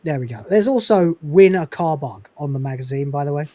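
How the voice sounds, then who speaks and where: Sweary rambling podcast host. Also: male voice, a little high, animated, brisk, mellow, no room sound. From England. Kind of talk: casual podcast chat.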